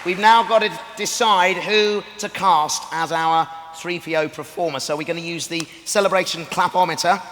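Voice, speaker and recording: A man hosting a convention panel on stage, wry and brisk as he announces each step. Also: high-pitched, fairly even intonation. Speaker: panel host. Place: large convention hall stage with a live audience. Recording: long hall reverb, loud crowd and noise.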